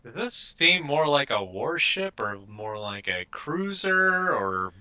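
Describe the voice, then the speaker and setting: A man's voice: medium pitch, very animated, slow, pushed and bright. A man playing in a tabletop game, asking questions and feeling his way through in casual chat. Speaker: player.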